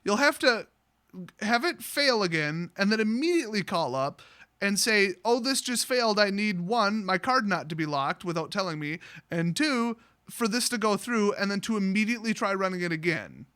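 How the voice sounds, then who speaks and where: A man's voice: high voice, expressive, normal speed, sharp tone, clean tone. A man telling a storytime vlog, rambling and exasperated, acting out quoted dialogue with a phone agent. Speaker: card collecting YouTuber.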